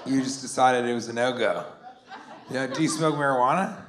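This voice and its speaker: A man in his forties doing a rambling, sarcastic stand-up set, sometimes bursting into shouted put-on voices. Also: mid-range voice, fairly quick, noisy background. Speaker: stand-up comedian. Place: comedy club stage before a laughing audience. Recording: roomy live club sound with crowd.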